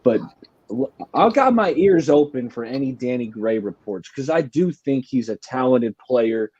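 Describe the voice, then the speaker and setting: A man co-hosting a fan talk show, sharing opinions in a relaxed, laid-back way. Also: mid-range voice, measured pace, slightly rough, dry recording, muffled recording. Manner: relaxed, opinionated, calls his co-hosts fellas. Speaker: podcast co-host. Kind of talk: casual chat.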